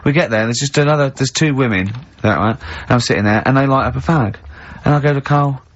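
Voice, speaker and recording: A man with an English accent hosting a radio show, telling anecdotes in lively casual banter and laughing a lot. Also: fast. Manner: lively storyteller, laughs often, high-pitched giggle. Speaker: radio host. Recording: dull lo-fi radio broadcast.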